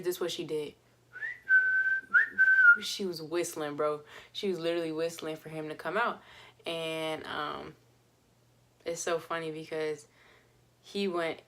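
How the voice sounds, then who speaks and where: A young woman vlogger telling a story in a chatty, casual way, with lots of fillers and laughs. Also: sits low.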